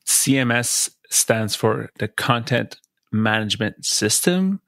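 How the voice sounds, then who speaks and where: A man with a French accent, co-hosting a podcast and explaining things in a relaxed, step-by-step way. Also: mid-range voice, takes it slowly, gravelly, no echo. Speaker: podcast co-host. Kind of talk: casual explanatory chat.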